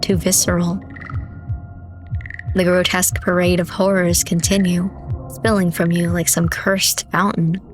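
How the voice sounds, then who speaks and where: A woman streamer reading a horror visual novel aloud in steady, measured, dramatic narration. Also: fairly low pitch. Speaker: game streamer.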